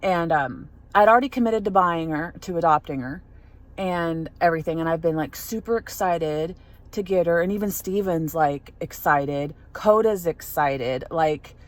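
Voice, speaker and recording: Rambling young woman vlogger, lowish voice. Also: normal speed. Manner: rambling, many fillers and restarts. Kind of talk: casual storytelling vlog.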